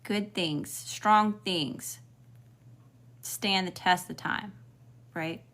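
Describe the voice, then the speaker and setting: A woman's voice: mid-range voice, extremely slow, a bit bright. Frank, profane woman with a Southern accent. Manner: frank and profane, chatty asides. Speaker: tarot reader. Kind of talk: casual spiritual reading.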